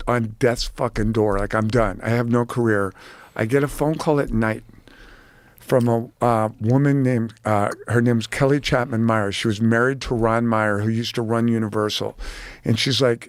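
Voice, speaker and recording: A middle-aged man tells stories with plenty of swearing, jumping into other people's voices as he goes. His pitch sits in an ordinary middle range. The sound is dry and close to the mic, with no room in it. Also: no echo. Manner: animated, profane, acts out quoted voices. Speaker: guest, film director. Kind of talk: storytelling in casual chat.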